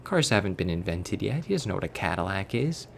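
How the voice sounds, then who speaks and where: A man's voice: low voice, very animated, brisk, gravelly, slight background noise. A man from Florida giving casual, sarcastic let's play commentary, wandering off into digressions. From Florida, USA. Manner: rambling, sarcastic, digressive storytelling.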